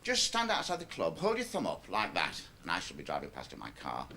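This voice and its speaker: A cynical, middle-aged stand-up comic in a radio play. His voice is bright and forward, and it jumps wildly through its pitch range. He talks in a chatty, lecturing way. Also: wildly swooping pitch, brisk, a little hiss or hum, heavily acted. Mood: stand-up patter. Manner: chatty, lecturing, shifts into a club comedy routine. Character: aging male stand-up comic, cynical and wheedling. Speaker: comedian.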